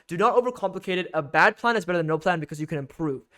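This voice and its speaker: A man's voice: sits high, lively intonation, rapid-fire, sharp tone. A man giving an instructional game guide as a coach, emphatic and repetitive, often checking in with "okay?".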